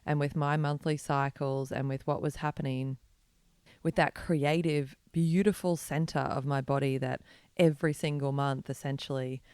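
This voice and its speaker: An Australian woman in her thirties who talks frankly and earnestly as a podcast guest. Her voice is smooth and resonant, and it stays quite level in pitch. The recording is close and dry. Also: fairly even intonation, moderate pace, a little mellow, dry recording. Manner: earnest and frank, speaking at length. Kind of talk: candid interview conversation.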